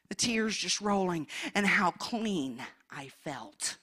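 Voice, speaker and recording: A woman preaching in a church, telling her testimony with emotion, moving between hushed passages and loud ones. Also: on the low side, unhurried. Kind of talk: testimony sermon.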